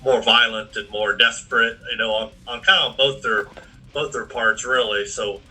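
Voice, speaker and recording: Husky, bright-toned man on a podcast. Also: mid-range voice, steady tone, poor audio. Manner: short agreeing replies and quick interjections. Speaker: podcast guest. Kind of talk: casual movie podcast chat.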